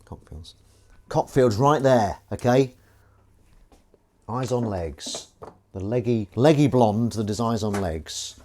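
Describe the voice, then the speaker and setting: A man's voice: on the low side, takes it slowly, pauses often, warm tone, a little hiss or hum. A man chatting casually and joking with viewers while he washes up on a livestream. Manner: chatty, jokey, greets viewers by name. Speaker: livestream host. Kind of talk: casual chat while washing up. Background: clinking dishes and cutlery.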